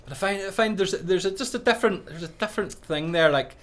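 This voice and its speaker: A man's voice: sits high, fast, a bit bright. A man with a Northern Irish Ballymena accent, co-hosting a podcast as a wedding DJ, telling stories and laughing easily. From Northern Ireland. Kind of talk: casual chat.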